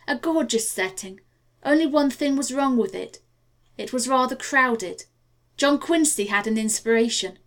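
A woman reading a novel aloud as an audiobook narrator, measured and gently expressive. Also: on the high side. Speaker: audiobook reader. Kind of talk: scripted narration.

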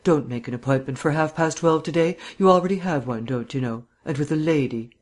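A man voicing a suave bantering gentleman sleuth. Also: on the high side, brisk, lightly acted. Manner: bland, teasing, mannered phrasing. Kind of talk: audiobook reading.

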